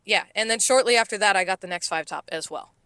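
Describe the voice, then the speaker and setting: A woman in her thirties, a restaurant server co-hosting a podcast, telling work stories in animated, profane casual chat. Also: mid-range voice, fast, dry recording. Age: 30s. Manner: animated, profane, acts out coworkers' lines.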